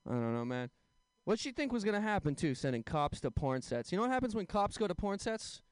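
Smooth-voiced young stand-up comic. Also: male voice, sits high, no echo. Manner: deadpan one-liners with quick asides to the crowd. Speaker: stand-up comedian. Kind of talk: stand-up set at an open mic.

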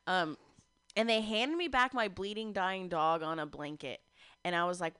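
A woman's voice: fairly low pitch, normal speed, fairly bright tone, clear, resonant tone, no echo, clean studio sound. A woman telling a long, rambling story on a radio show, laughing often as she goes. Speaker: radio guest. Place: radio studio.

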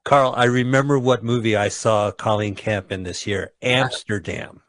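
A man's voice: lowish voice, moderate pace, a bit bright, dry recording. A man co-hosting a radio show, chatting wryly about movies and trying to recall titles. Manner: chatty, wry, searching for memories. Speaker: radio co-host. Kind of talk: casual movie chat.

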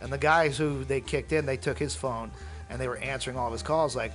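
A man co-hosting a casual radio talk show, telling profane, animated stories and acting out the people he quotes. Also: mid-range voice, brisk, faint music behind. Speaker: podcast co-host, comedian. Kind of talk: casual chat, storytelling.

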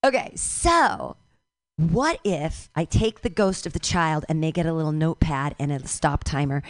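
A woman's voice: fairly low pitch, dry recording, clean studio sound. A woman in her fifties doing a stand-up comedy set, rambling, irreverent and self-mocking.

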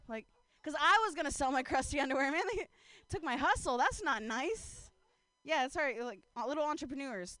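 A woman's voice: high voice, fairly bright tone, no echo. A young woman comedian telling a rambling stand-up story on stage, full of fillers, laughing at her own jokes into a handheld mic.

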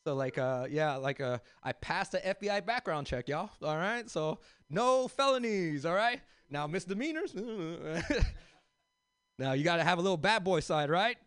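A man from South Central Los Angeles performs a stand-up set in a loose, rambling style, full of fillers and asides to the crowd. His voice sits a bit high and sounds smooth and clear. The sound is dry and close, with no room echo. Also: lively intonation, moderate pace, a bit bright. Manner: loose, conversational, addresses the crowd as "y'all"; rambling with many fillers and restarts. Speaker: stand-up comedian.

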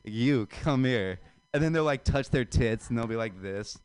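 A man's voice: medium pitch, lively intonation, fairly quick, a little mellow, clear, resonant tone, no room sound. A man doing a stand-up comedy set in a dry, self-mocking way. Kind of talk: stand-up set at open mic.

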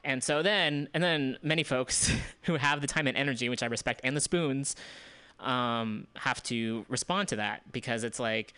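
A man's voice: mid-range voice, moderate pace, bright, forceful tone, smooth, no room sound. A man hosting a community radio show, running through news items in a loose, casual way, with asides and restarts. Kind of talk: casual news roundup and commentary.

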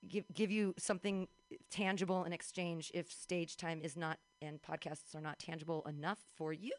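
A woman's voice: medium pitch, a bit bright, clean tone, dry recording. A woman hosting a comedy open mic, introducing comics and chatting with the crowd in an upbeat, joking way. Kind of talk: emceeing a comedy show.

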